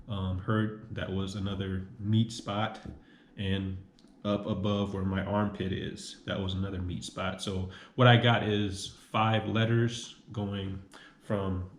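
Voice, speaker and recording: Lowish-voiced young man rambling in an echoey room. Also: slight background noise. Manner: rambling, repeats himself, many "um"s. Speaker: vlogger. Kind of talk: casual vlog monologue.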